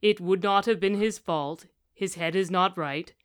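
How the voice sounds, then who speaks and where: Woman reading golem, male, formal, literal, measured, smooth low-ish voice. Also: no room sound, clean studio sound, lightly acted. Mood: calm, stern.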